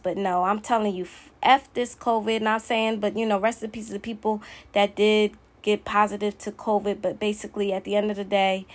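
A woman hosting her own podcast, giving a blunt, emphatic motivational monologue that keeps repeating its key points. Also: mid-range voice. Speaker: podcast host.

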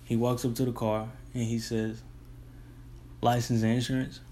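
A man's voice: mid-range voice, normal speed. A young man, casually telling a long rambling story about his delivery job. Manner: rambling, restarts, relaxed colloquial. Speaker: delivery driver.

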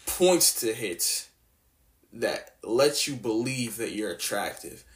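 A man's voice: mid-range voice, expressive, takes it slowly. Young adult man from Canada, blunt slang-heavy vlog rant with a mocking edge. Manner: slangy, blunt, mocking, lots of filler words. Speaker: vlogger. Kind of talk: casual opinion rant.

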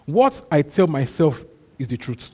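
A man's voice: fairly high pitch, sing-song, unhurried, darkish tone, breathy edge. A male pastor preaching a sermon, emphatic and repetitive, calling out to his congregation. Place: church. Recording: long hall reverb.

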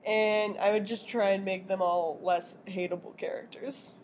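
A woman's voice: medium pitch, fairly even intonation, normal speed, a little mellow, a little hiss or hum. A young woman co-hosting a podcast in casual chat, laughing often and trailing off mid-sentence. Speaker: podcast co-host.

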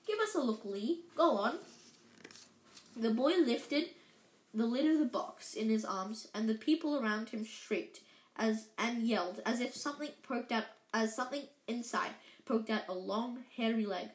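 A woman reading a storybook aloud, halting and correcting herself as she goes. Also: a little high. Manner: halting, with slips and self-corrections. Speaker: reader. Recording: echoey room.

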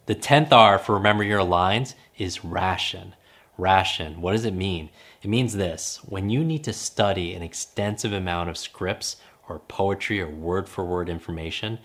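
A man's voice: sits low, fairly bright tone. A man hosting a podcast as a memory coach, teaching in an emphatic, coaching way and repeating key phrases for effect. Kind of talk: instructional podcast talk.

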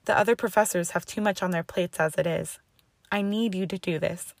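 Woman narrator voicing a steady older headmistress witch, low, slight fry, dry audiobook sound. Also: no echo. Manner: calm, measured, sympathetic.

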